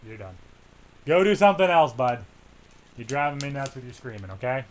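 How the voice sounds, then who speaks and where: A young man giving casual play-by-play commentary on a hockey video game, muttering between plays and yelling when the action heats up. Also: mid-range voice, sing-song, a little fast, a little hiss or hum. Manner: swings from muttering to shouting at big plays. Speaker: let's play host.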